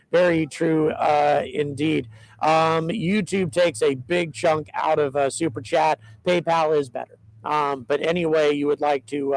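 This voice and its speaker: A man hosting a livestream in casual chat, excitedly reading out viewers' locations and thanking supporters, with many ums and uhs. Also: on the high side, gravelly, dry recording, rough recording. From United States. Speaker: livestream host.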